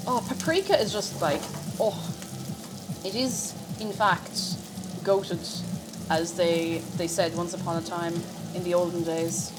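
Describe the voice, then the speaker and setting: A young woman with a lowish voice chats unhurriedly and playfully with her viewers while cooking in her home kitchen on a live stream, repeating words for fun. The recording, made on a desk microphone, is very noisy, with background music and frying sizzle.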